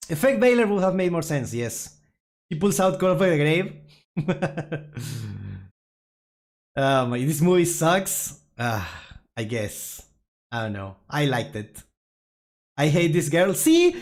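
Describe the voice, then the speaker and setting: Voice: medium pitch, darkish tone. A streamer casually reacting to memes and talking to chat, laughing often and poking fun at themselves. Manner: laughs often, chatty, self-mocking.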